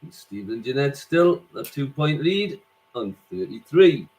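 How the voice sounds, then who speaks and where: A man hosting a quiz, reading out scores and questions slowly and repeating each question. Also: medium pitch, expressive, darkish tone, poor audio. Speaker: quiz host.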